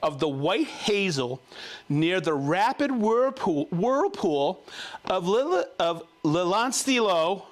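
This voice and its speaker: Upbeat high-voiced man reading shout-outs. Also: very animated, slow pace. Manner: upbeat, jokey, reels off names and places. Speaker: livestream host. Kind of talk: live show chat, reading viewer shout-outs.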